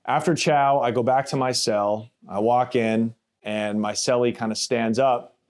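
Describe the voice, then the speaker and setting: Man, blunt plainspoken storyteller, casual and cursing, mid-pitched voice. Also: steady tone, a little slow, a little mellow. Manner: acts out others' voices in quotes. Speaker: former prisoner telling his story. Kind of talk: first-person storytelling podcast.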